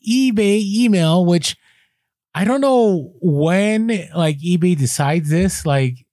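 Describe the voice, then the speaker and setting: A man's voice: sits high, slow pace, dry recording, clean studio sound. Chatty man telling resale stories. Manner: chatty storyteller, animated asides. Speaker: podcast co-host. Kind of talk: casual podcast chat.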